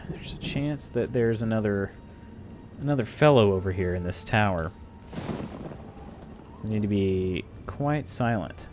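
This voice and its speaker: A man's voice: fairly low pitch, a bit bright, slight background noise. Chatty male gaming streamer. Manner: chatty, thinks aloud, talks to viewers. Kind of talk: casual live gameplay commentary.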